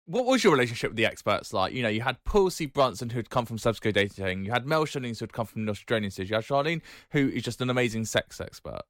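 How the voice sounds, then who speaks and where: A man's voice: medium pitch, very animated, fast, hardly any pauses, a bit bright, no room sound, clean studio sound. A man interviewing a guest, asking probing, conversational questions.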